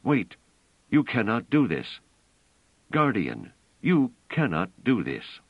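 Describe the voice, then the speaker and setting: A man's voice: low-pitched, expressive, a little slow, no room sound, voice pushed up. A man voicing an earnest, anxious male scholar who pleads in a half-strangled, over-earnest way. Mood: desperate. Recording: dull, dry audio.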